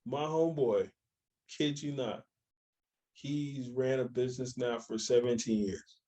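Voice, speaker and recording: A young man co-hosting a casual chat, telling stories with animated voices for the people he quotes. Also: mid-range voice, a little slow. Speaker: podcast co-host.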